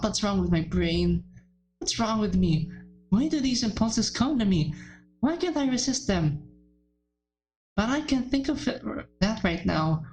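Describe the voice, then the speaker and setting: A woman with a lowish, darkish voice hosts a let's play, reading a visual novel's text aloud. She breaks off between passages to gasp, swear and react with shocked emotion, all captured on a low-quality recording.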